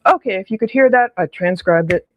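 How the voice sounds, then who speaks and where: A woman's voice: mid-range voice, animated, fairly quick. A woman giving casual, chatty commentary over audio clips, laughing often and quoting people in mock voices. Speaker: true crime commentator.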